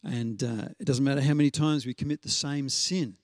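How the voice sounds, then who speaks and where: A man's voice: medium pitch, steady tone, no echo. Preacher, male, mid-range voice, chatty sermon delivery with fillers and restarts, close dry sound. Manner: conversational storytelling with frequent fillers and restarts; slows down to stress scripture references.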